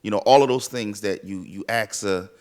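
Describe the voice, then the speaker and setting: A man moderating an onstage interview, friendly and a bit halting, often restarting his questions. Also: lowish voice, a little mellow, smooth. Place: event stage with audience.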